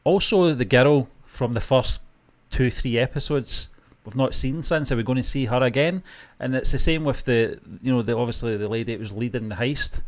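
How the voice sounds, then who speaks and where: A man's voice: medium pitch, moderate pace, hardly any pauses. A man co-hosting a casual TV reaction chat, rambling and hesitant with frequent restarts. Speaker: co-host.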